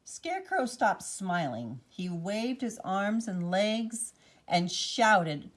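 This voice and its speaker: A woman reading a children's storybook aloud in an expressive, animated way. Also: on the low side, slow pace. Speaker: children's book reader.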